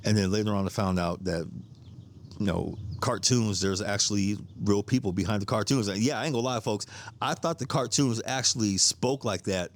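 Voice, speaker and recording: A middle-aged man with a lowish voice, hosting a podcast and telling stories in a loose, rambling way. He repeats himself as he goes, laughs easily, and swears casually. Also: normal speed. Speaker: podcast host. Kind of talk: casual storytelling monologue.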